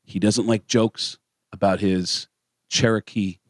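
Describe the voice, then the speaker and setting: A man's voice: fairly low pitch, slow, dry recording. Radio guy telling crazy stories, doing everyone's voices, dry booth sound. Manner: animated storyteller acting out quotes in voices. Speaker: radio show co-host. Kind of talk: casual storytelling chat.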